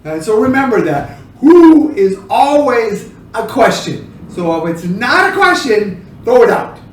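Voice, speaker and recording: A higher-voiced middle-aged man talks through sign language lessons in slow, unhurried stretches, then bursts out loudly as he acts out examples. He sounds set back from the mic, in a room that rings with echo. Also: far from the mic. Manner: animated, acts out examples with sudden loud bursts. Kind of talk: casual teaching talk.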